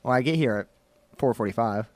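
A man from central Illinois with a high-pitched voice, tired, answering politely and briefly. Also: fairly quick, no room sound. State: tired from an early start. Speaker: board operator.

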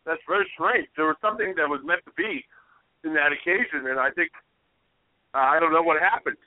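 A man's voice: on the high side, fairly quick, no echo. A man who is a regular panelist on a podcast, chatting casually and hesitantly, joking along. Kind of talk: casual chat. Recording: dry, tinny phone-like sound.

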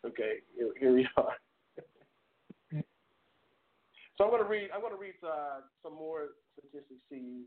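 A man's voice: fairly high pitch, lively intonation, normal speed, pauses often, crowd noise. A man hosting a live call-in talk show, speaking earnestly, stammering and laughing at himself. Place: home studio. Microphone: webcam streamed live. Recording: tinny phone-like audio.

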